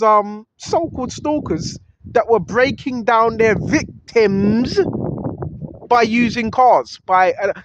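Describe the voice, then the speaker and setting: A high-pitched speaker vlogs outdoors into a handheld phone at a slow, deliberate pace. The talk is preachy and repetitive, quoting scripture and checking in with "right?" again and again. The recording sounds a little dull, with faint background noise. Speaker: vlogger. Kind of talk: walking street monologue with scripture quotes. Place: outdoors on a cold street.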